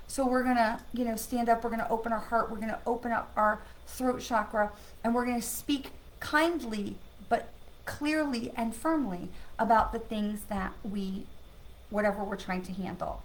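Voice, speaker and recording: A middle-aged woman speaks in a slightly high voice to her live-stream viewers. She is earnest and animated, often breaking off and restarting her sentences as she works out her point. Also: normal speed. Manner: earnest, animated, self-correcting, talks to viewers and dogs. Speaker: psychic medium host. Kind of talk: casual live-stream talk.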